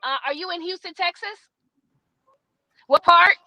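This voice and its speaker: A woman's voice: extremely high pitch, measured pace, dry recording, lo-fi sound. A woman talking as a guest on a remote call, chatty and apologetic, calling others "love" and "sweetheart.". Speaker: guest, credit repair company co-founder. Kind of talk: casual chat on a remote call. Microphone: remote call microphone.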